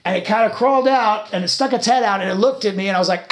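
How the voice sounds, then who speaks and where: Animated, profane podcast storyteller. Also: medium pitch, fast talker, hardly any pauses. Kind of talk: casual storytelling chat.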